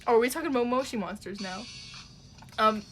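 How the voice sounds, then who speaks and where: A woman's voice: a little high, fairly quick, soft background music. A young woman from Ontario with a Toronto Canadian accent, chatting casually and rambling with swearing while she draws on a live stream.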